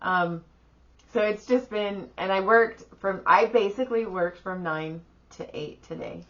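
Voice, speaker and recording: A woman's voice: mid-range voice, a bit bright, muffled recording. A middle-aged woman co-hosting a podcast with her husband, chatting casually about family. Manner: chatty, quick to laugh. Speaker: podcast co-host. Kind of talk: casual chat.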